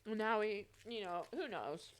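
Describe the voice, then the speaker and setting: A woman's voice: medium pitch, lively intonation, measured pace. A young woman co-hosting an unedited podcast, talking loosely and laughing as she eats. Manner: loose, rambling, laughs often. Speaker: podcast co-host. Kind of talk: unedited casual chat.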